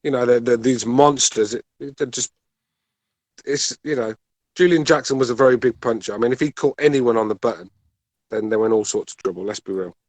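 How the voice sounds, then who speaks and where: A man's voice: medium pitch, a little fast, darkish tone, no room sound. A man co-hosting a boxing podcast, talking in rambling runs with repeated words and swearing. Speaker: podcast co-host. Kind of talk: casual boxing podcast chat.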